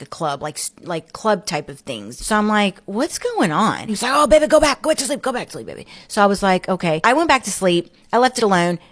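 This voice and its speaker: A woman guest in a casual interview, telling her story in an animated way, acting out what others said and often saying "like". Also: medium pitch. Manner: animated, acts out quoted speech; frequent filler "like".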